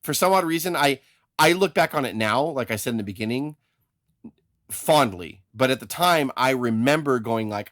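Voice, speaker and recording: A man's voice: medium pitch, animated, moderate pace, fairly bright tone, no echo, studio quality. A man hosting a podcast, talking in a rambling, opinionated way with plenty of swearing. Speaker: podcast host. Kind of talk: casual podcast chat.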